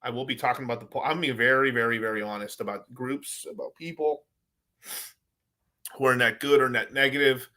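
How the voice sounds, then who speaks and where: A man's voice: medium pitch, steady tone, brisk, sharp tone. A man hosting his own crypto video, rambling in a loose, profane rant with lots of swearing and laughter. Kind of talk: casual profane rant to camera.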